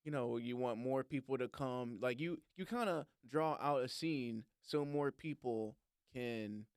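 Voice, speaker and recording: A man's voice: mid-range voice, a little slow, clear, resonant tone, no echo, clean studio sound. A man co-hosting a casual faith podcast, joking around with playful asides. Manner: joking, animated, lots of fillers and playful asides. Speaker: podcast co-host.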